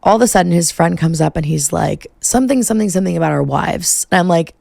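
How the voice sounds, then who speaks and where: Gravelly, profane young woman podcaster. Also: on the low side, expressive, fast talker, darkish tone, no echo, clean studio sound. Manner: chatty, profane, filler-heavy. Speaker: podcast host. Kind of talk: casual storytime monologue.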